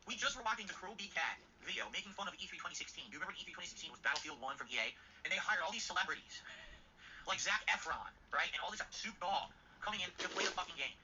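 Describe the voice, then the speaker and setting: A man ranting angrily and profanely on a livestream. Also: bright, forceful tone. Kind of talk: ranting stream clip. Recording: muffled low-fi stream audio with faint noise.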